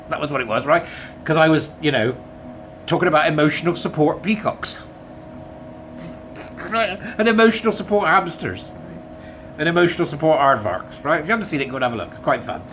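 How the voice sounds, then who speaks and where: A man's voice: mid-range voice, a bit bright, slight background noise. Sarcastic man ranting to camera. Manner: sarcastic, exasperated, laughs at himself. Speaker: commentary channel host. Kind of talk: casual ranting commentary.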